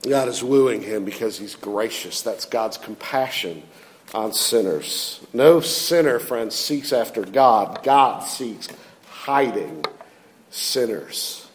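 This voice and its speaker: A man preaching a sermon, expressive, acting out quoted lines with feeling. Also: mid-range voice, takes it slowly, big-room sound.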